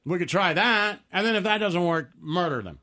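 Bright, lively-voiced man, sarcastic. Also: high voice, normal speed. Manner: sarcastic, blunt. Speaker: podcast co-host. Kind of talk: casual chat.

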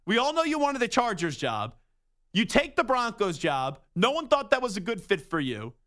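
Young male sports radio host, high, bright voice, opinionated and emphatic. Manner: animated, emphatic, rapid rhetorical questions. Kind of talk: opinionated sports talk monologue.

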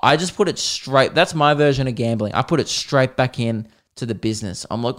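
A man's voice: mid-range voice, a little fast. A man with an Australian accent hosting a comedy show, telling rambling, profane stories and often cutting himself off mid-sentence. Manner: self-interrupting, excitable. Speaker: comedian host. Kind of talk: casual comedic monologue.

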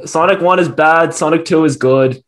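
A man's voice: on the high side, normal speed. A man co-hosting a radio show, giving blunt opinions and teasing the others in casual chat.

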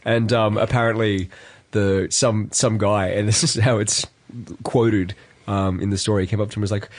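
A man's voice: fairly low pitch, little pitch movement, moderate pace. A man co-hosting a casual music podcast, telling stories and trivia about a band. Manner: storytelling, shares trivia. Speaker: podcast co-host. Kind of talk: casual chat.

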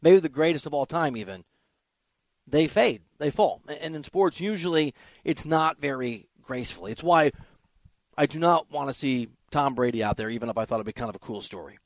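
Animated male sports talk host. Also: on the high side, brisk, no room sound. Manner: emphatic, animated, offhand asides. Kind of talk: opinionated sports talk monologue.

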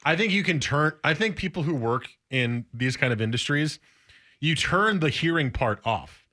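A man's voice: fairly high pitch, lively intonation, moderate pace, bright, forceful tone. A man hosting sports radio, joking and teasing in casual banter.

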